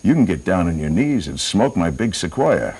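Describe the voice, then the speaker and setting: A man voicing a crude, menacing male grizzly bear in a told joke, speaking slowly and calmly with threats. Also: low voice, slight background noise, rough recording.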